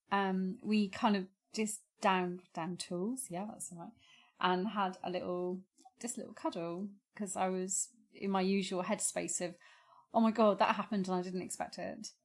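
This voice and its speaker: A woman co-hosting a podcast from home, talking frankly and joking often. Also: medium pitch. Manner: frank, joking, quick to laugh. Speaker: podcast co-host. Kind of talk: casual chat. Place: home room. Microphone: podcast microphone.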